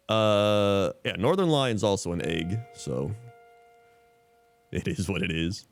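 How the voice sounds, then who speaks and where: A man's voice: sits low, slow, soft background music. A man streaming live in casual chat, reading out usernames and laughing often.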